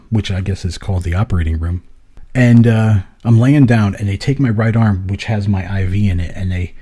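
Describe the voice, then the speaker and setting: Man, podcast co-host, casual storytelling, swears a lot, low voice, husky. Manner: swears freely, lively retelling.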